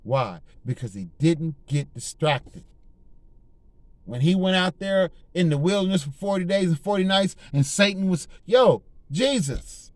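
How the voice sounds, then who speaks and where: Fervent high-pitched male preacher. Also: no echo. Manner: fervent, slangy, repeats phrases with restarts. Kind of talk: informal preaching.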